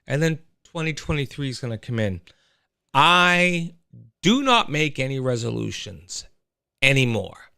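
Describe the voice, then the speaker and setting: A man's voice: mid-range voice, unhurried, vocal fry, clear, resonant tone, dry recording, clean studio sound. A man hosting a casual solo livestream, rambling and chatting straight to his listeners. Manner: animated, rambling, talks to listeners. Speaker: host.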